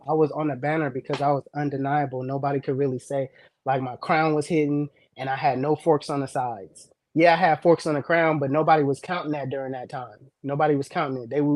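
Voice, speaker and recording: A brash young man boasting about his skills in casual chat, repeating his points for emphasis. His voice sits a little high for a man. The sound is close and dry, with no room around it. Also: darkish tone, no echo. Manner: brash, confident trash talk with repetition. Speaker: hair brushing competitor and show regular.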